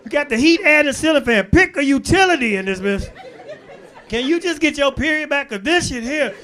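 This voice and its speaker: High-voiced man doing stand-up. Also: animated, brisk. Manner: loud, crowd-working, swings between shouting and low asides. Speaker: stand-up comedian. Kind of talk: stand-up comedy set. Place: comedy club stage before a laughing crowd. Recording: live club recording with crowd laughter. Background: audience laughter.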